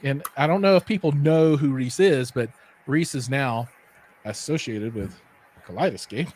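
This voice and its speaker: A man's voice: medium pitch, normal speed. A man co-hosting a casual live-streamed chat, telling stories animatedly, acting out quotes and using lots of fillers. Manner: animated storyteller, acts out quotes, many fillers. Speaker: podcast co-host.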